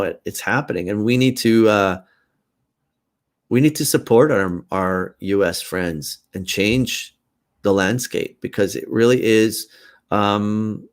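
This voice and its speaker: A man talks on his own live stream in a slightly low voice. He speaks earnestly and haltingly, circling back as he thinks aloud, picked up by a computer mic. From Canada. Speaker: host. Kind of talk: casual live-stream monologue.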